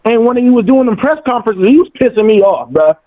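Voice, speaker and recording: A man on a tinny phone line talks animatedly in slang, repeating himself as he builds up his point. His voice sits high for a man. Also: lively intonation, quick pace. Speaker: caller, friend of the host. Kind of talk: casual call-in chat.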